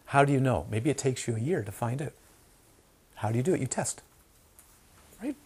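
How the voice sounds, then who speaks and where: A man giving an informal Dharma talk to a small group, telling stories with animated asides. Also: mid-range voice, normal speed, slightly rough. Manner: animated storytelling, acts out quoted voices. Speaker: meditation teacher.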